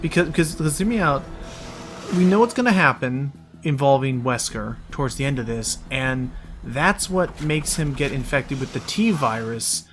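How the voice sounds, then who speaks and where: Man, game commentary host, rambling, casual chat, mid-pitched voice. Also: animated, normal speed, faint music behind. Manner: rambling, talks in restarts, says "hear me out".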